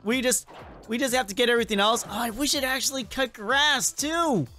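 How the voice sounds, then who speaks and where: A man hosting a casual let's-play video, talking in an excitable, rambling and self-mocking way as he comments on the game. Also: very high-pitched, a little fast, soft background music. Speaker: gaming video host.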